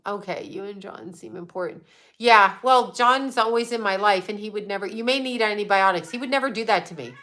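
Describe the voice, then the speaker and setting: A woman's voice: mid-range voice, lively intonation, a little fast, a bit bright. A middle-aged woman talks straight to her livestream viewers in a loose, conversational way. She is blunt and swears freely as she answers their comments. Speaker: psychic livestream host. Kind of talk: casual livestream chat reading comments.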